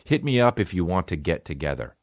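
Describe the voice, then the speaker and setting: A man's voice: deep voice, big pitch swings, brisk, no room sound, studio quality. A male comedian hosting a podcast, chatting casually in a rambling, sarcastic and profane way.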